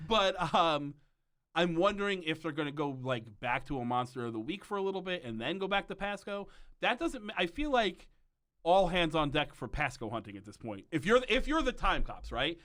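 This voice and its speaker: Excitable ranting podcast host, a man. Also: on the high side, normal speed. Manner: animated, ranting, laughing often. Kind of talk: comedic podcast chat.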